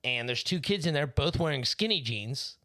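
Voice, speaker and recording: A man with a mid-pitched voice co-hosts a loose podcast, teasing his partner and spinning profane stories. His voice is close-miked on a podcast microphone and sounds dry, with no room around it. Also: lively intonation, normal speed, pushed and bright, dry recording. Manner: storytelling, teasing, heavy swearing. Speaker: podcast co-host. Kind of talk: casual profane podcast banter.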